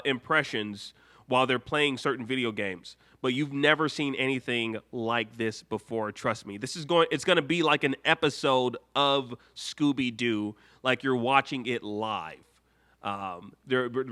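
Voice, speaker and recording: Bright, chatty man hosting a stream. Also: mid-range voice. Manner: rambling and chatty, full of fillers. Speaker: YouTube host. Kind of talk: casual live stream chat.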